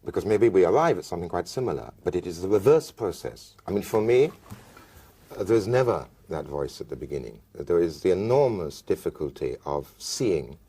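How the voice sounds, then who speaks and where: A man's voice: low voice, very animated, a little fast, warm tone, husky. A man, a writer, musing in conversation about how he works, searching for words. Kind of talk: reflective conversation about writing.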